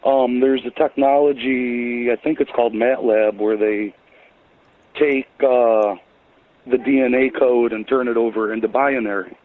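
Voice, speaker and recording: A man calling in to a radio show, asking a question in a hesitant, halting way. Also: medium pitch, fairly even intonation. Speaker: caller. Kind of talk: call-in question. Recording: tinny phone line.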